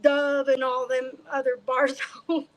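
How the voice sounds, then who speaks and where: Female musician guest, high voice, chatty and giggly. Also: level tone, takes it slowly, rough recording. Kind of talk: casual interview chat.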